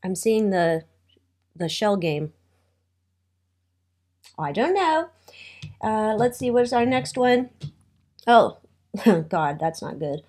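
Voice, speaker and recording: A woman talks through a tarot spread in a loose, chatty way, her voice sitting at an ordinary middle pitch. She drifts into wry asides and lets sentences trail off as she thinks aloud. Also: animated, slow pace, pauses often, darkish tone. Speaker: tarot reader. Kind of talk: casual tarot reading.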